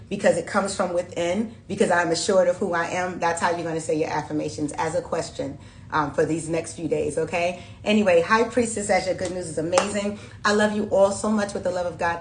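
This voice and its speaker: A woman's voice: on the low side, echoey room, a little hiss or hum. A woman giving a casual tarot reading to her viewers, chatty and urgent, repeating herself for emphasis. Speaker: tarot reader.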